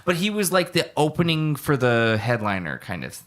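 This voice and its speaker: A young man co-hosting a casual podcast tells rambling stories packed with fillers and restarts. His mid-range voice is a bit bright, swings widely in pitch, and moves at normal speed.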